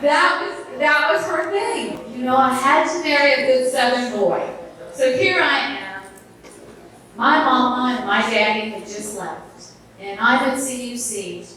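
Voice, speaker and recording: A woman in her sixties from the Appalachian mountains of Virginia tells a humorous story to a church audience with lively timing. Her voice sits a little high and sounds bright. It echoes through a large hall and is heard from a distance. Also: measured pace. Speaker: marriage seminar presenter.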